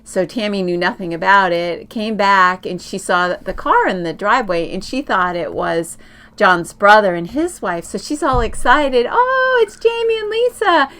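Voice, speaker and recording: A woman's voice: mid-range voice, normal speed, a bit bright. A middle-aged woman co-hosting a casual quilting chat, telling long travel stories with lots of fillers and restarts. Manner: chatty storyteller, many fillers and restarts. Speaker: quilting podcast co-host.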